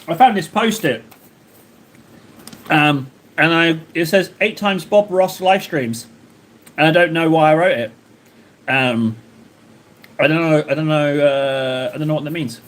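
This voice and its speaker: A slightly high, somewhat bright male voice belongs to a livestream host at his hobby desk at home. He chats casually with viewers, rambling, joking and talking directly to the chat.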